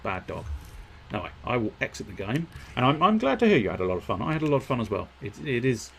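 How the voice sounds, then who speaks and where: A man's voice: medium pitch, very animated, very fast, vocal fry, fairly bright tone, slight background noise. A man chatting casually on a live game stream, wordy and politely formal, with frequent fillers and restarts. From United Kingdom.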